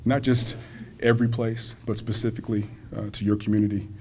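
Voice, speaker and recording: A man's voice: lowish voice, little pitch movement, brisk, darkish tone, slight background noise. A man speaking as a college president at a community banquet, folksy and joking, talking directly to the audience. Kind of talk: public speech at a banquet. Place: school hall at a banquet.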